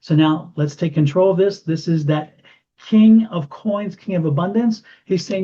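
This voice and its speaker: A man giving an intuitive tarot reading to camera, animated and repeating phrases for emphasis. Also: high voice, moderate pace. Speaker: tarot reader. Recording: dull lo-fi sound.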